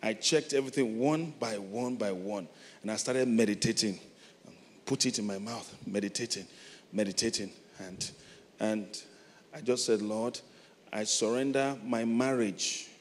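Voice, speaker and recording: A middle-aged Nigerian man preaching a sermon, moving from soft, reflective storytelling to loud, emphatic calls. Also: on the low side, a little slow. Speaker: pastor. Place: large church hall. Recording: long hall reverb, faint noise.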